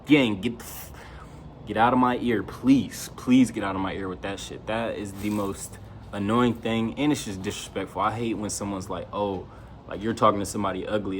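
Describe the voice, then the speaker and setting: A man's voice: on the low side, slight background noise. A young man talking straight to camera in a loose, slangy monologue, raising his voice when he quotes his friends. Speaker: vlogger.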